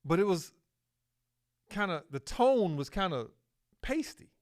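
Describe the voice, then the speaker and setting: A man hosting a solo podcast, talking slowly with fillers and self-corrections, and pushing up on key words for emphasis. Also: high-pitched, big pitch swings. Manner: slow, halting delivery with fillers and self-corrections. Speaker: podcast host.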